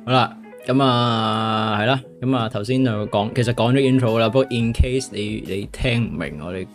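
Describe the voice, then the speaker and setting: A man's voice: medium pitch, moderate pace, soft background music. A man hosting a podcast, joking around in casual chat. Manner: joking, mock Australian slang, switching between languages. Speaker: podcast host.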